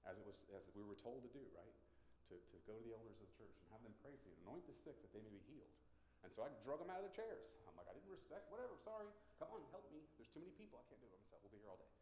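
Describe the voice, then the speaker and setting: A man's voice: fairly low pitch, roomy sound, slight background noise. A man giving a sermon testimony, telling stories and acting out the voices in them. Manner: animated storytelling, acts out quotes.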